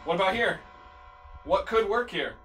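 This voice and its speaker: A woman's voice: medium pitch, lively intonation, moderate pace, soft background music. A woman giving a one-on-one drum lesson, counting and scat-singing rhythms and correcting her student. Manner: coaching, corrective. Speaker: drum teacher. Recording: distant mic with loud drum kit.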